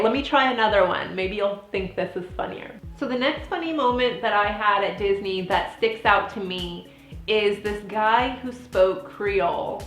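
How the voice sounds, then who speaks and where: A woman in her thirties telling funny stories in a casual vlog, giggly and animated, with lots of "like" fillers. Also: medium pitch. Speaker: vlogger and former theme park princess performer. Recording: echoey room with faint music.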